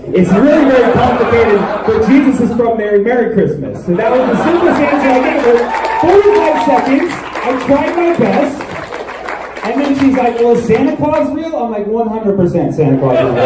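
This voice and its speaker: A high, lively male comedian rattling off a mock-pedantic stand-up bit. He is heard from a distance in a very echoey venue. A loud audience and heavy room noise sit behind him. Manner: rapid, mock-pedantic storytelling. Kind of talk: stand-up set. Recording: distant, roomy live club audio with loud crowd.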